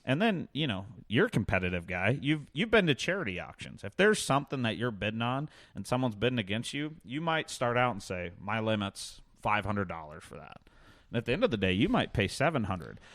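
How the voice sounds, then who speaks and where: A young man with a Midwestern American accent, a podcast guest explaining things in an animated way. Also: mid-range voice, fast, few pauses, dry recording, studio quality. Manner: animated, acts out auction calls. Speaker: podcast guest, land sales agent. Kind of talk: casual chat.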